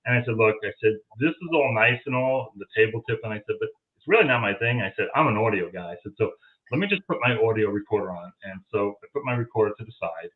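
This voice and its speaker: A man's voice: on the low side, fast talker. Man telling a story over a tinny line. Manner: animated storyteller acting out quoted dialogue. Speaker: guest, paranormal audio investigator. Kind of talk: casual storytelling.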